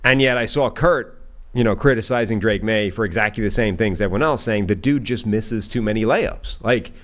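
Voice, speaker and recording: A man's voice: lowish voice, normal speed, a bit bright. Wry man chatting on a football podcast. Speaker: analyst co-host. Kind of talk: casual sports podcast chat.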